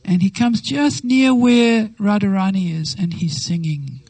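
A woman giving a devotional talk, telling a sacred story with lively acted-out quotes and slow, reverent phrasing. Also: medium pitch, husky, no room sound, rough recording. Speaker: devotional speaker.

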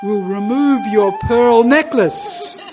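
Woman doing a cocky young cowherd god, teasing and mock-polite, slow-spoken, flute music playing. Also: a little high. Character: proud teasing young male divine cowherd.

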